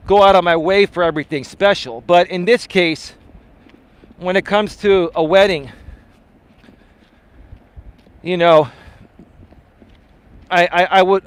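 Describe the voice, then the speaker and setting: A middle-aged man hosting a live coaching stream, chatting casually and telling rambling, profane stories. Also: sits high. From Greek-American community. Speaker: life coach, live show host.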